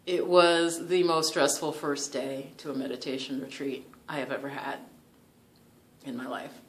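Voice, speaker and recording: A woman's voice: extremely low pitch, moderate pace, a little hiss or hum. Chatty New woman telling a story. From New York. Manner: chatty, animated, laughs often, many "like" fillers. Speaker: yoga and meditation vlogger. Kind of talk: casual storytelling to camera.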